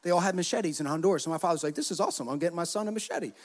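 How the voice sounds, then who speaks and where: A man preaching as a pastor, telling stories in an animated way and acting out the quotes. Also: a little high, racing, big-room sound. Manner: animated storytelling, acts out quotes. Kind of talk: sermon with personal stories.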